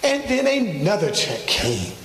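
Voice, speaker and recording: A man preaching a sermon, telling a personal story in an animated way and acting out his own phone calls. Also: high voice, a little slow, a crowd in the background. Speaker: pastor. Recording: echoey church hall from far off.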